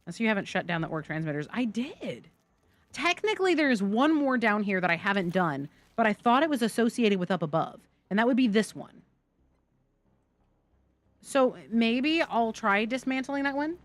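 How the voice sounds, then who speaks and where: A woman's voice: on the high side, lively intonation, normal speed, no echo. A woman streaming live gameplay, chatting and joking with her viewers as she plays. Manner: chatty, jokey, talks to chat. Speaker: game streamer.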